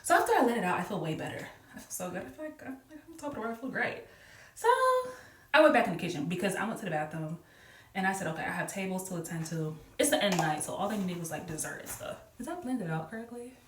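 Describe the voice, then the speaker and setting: Woman vlogger, casual storytime, animated delivery, roomy sound with the mic set back. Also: mid-range voice, quick pace, a little hiss or hum. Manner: animated, laughing, acts out voices in quotes. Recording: roomy echo, mic a little far off.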